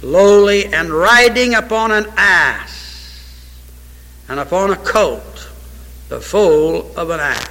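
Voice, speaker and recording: A man preaching a sermon, reading scripture aloud and pressing each point with emphasis until he breaks into shouts. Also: high voice, takes it slowly, pauses often. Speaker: pastor. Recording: echoey hall with long reverb.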